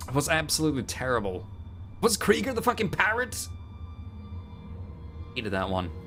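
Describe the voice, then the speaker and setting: A man's voice: fairly high pitch, huge pitch swings, moderate pace, a bit bright. A man commenting on a game as he streams, with sarcastic and chatty asides. His voice moves up and down a lot, with faint game music underneath. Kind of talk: live gameplay commentary.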